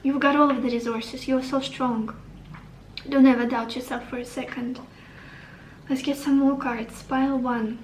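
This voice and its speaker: A woman's voice: high-pitched, little pitch movement, normal speed, reverberant, distant mic, slight background noise, rough recording. A woman giving a tarot reading to the camera, upbeat and encouraging, thinking aloud as she turns over cards. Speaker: tarot reader.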